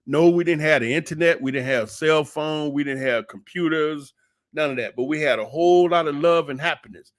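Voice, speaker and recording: A man's voice: a little high, no room sound, clean studio sound. Folksy man in his sixties from Georgia. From Atlanta, Georgia. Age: 60s. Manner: folksy and nostalgic, laughs often, drifts soft and slow when moved. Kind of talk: casual reminiscing storytelling. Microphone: streaming setup mic.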